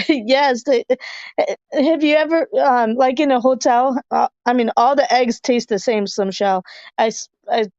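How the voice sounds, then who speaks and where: A woman hosts a podcast from her hotel room, chatting, reading comments and laughing a lot. Her voice is smooth and clear, a little high, and sits close and dry on a slightly dull recording. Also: unhurried, darkish tone, no room sound. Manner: chatty, laughs often, many fillers. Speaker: podcast host. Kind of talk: casual chat reading viewer comments.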